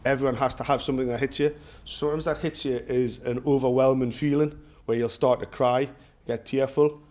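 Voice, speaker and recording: In a laid-back session full of anecdotes, a middle-aged Geordie man from North East England tells his self-defence class rambling, jokey stories. His medium-pitched voice is slightly mellow and brisk, with fairly even intonation.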